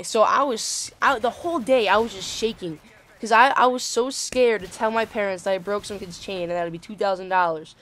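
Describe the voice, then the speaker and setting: A man's voice: high voice, fairly quick, fairly bright tone. A teenage boy casually telling a story over gameplay, rambling with lots of fillers and casual swearing. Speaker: gaming channel host.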